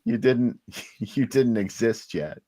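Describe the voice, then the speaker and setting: A man's voice: mid-range voice, lively intonation, slow pace, mellow. A man co-hosting a show, chatting casually and easygoing, laughing often. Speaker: co-host. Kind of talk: casual chat.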